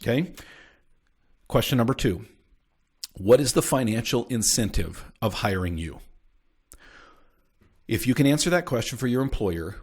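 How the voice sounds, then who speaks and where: A man's voice: mid-range voice, lively intonation, moderate pace, pauses often, slightly rough. Emphatic American man giving advice. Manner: emphatic, punchy, keeps checking in with "okay?". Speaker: podcast host and appraisal coach. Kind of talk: casual advice podcast.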